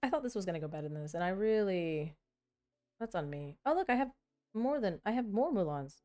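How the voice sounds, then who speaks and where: A woman's voice: medium pitch, expressive, brisk, dark tone. A woman vlogger chatting casually and thinking aloud while she sorts trading cards, often poking fun at herself. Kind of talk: casual chat while working.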